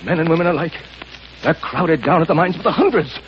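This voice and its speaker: A man's voice: on the high side, expressive, a little fast, muffled recording, natural voice. An actor playing a domineering, pompous madman who rules a valley, in 1940s radio acting. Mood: bitter. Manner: pompous, ranting, self-righteous. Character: domineering mad male valley ruler. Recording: scratchy old radio broadcast with hiss.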